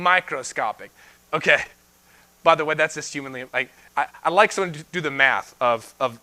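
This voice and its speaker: A young man preaching a sermon as pastor, animated and often laughing as he acts out the disciples' voices. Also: high voice.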